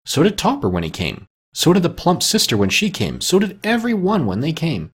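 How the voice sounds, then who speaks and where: Husky, lively male storyteller. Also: medium pitch, fast talker, hardly any pauses. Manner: lively, expressive reading. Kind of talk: storybook narration.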